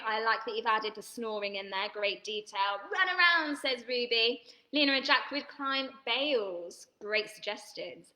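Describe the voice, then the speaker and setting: A woman's voice: fairly high pitch, sharp tone, roomy sound. A woman leading an online drama workshop for children, cheerful and reading out viewers' comments, laughing and gasping often.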